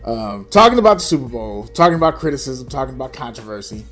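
A man's voice: medium pitch, very animated, quick pace, a bit bright, faint music behind. A young adult man co-hosting a casual sports chat, talking bluntly and profanely with a dismissive edge. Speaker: podcast co-host.

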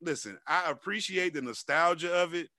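A man's voice: a little high, moderate pace, pushed and bright, no room sound, studio quality. A man co-hosting a casual chat show, talking animatedly and profanely, acting out quotes in a raised voice. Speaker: podcast co-host.

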